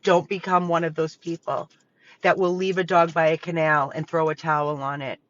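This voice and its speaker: A woman's voice: sits low, flat delivery, moderate pace, dull audio. A woman who runs a dog rescue, making an emotional, pleading appeal straight to her viewers from the rescue property. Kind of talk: impassioned direct appeal to viewers.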